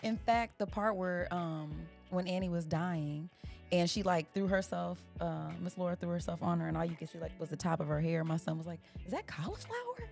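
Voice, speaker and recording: A woman's voice: on the low side, a little fast, creaky, soft background music. A woman co-hosting a podcast, chatting casually and expressively, often laughing as she talks. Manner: expressive, laughs while talking. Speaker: podcast co-host. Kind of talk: casual chat.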